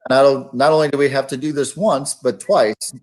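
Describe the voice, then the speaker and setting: A man telling racing stories in a relaxed, rambling way, with lots of fillers. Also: medium pitch, moderate pace. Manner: laid-back, rambling with many fillers. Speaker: guest, retired monster truck driver. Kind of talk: casual storytelling chat.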